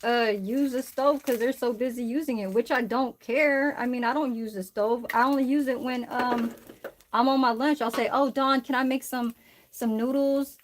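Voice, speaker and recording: Woman livestreaming from her kitchen, loose and profane, chatting to viewers, voice a touch high. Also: steady tone, normal speed, a little hiss or hum. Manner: rambling, profane storytelling to chat. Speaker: livestream cook. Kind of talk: casual livestream chat while cooking.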